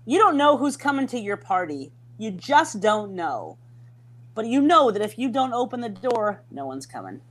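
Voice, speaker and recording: A middle-aged woman from Minnesota telling a story in a casual chat, lively and often acting out the voices of people she quotes. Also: fairly high pitch, moderate pace. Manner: animated, acts out quoted voices, many restarts. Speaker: podcast guest.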